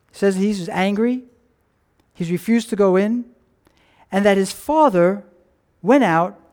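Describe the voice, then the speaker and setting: A man preaching a sermon, telling a story animatedly and asking the congregation questions. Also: high voice. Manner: animated storytelling, acting out characters' lines. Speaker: pastor.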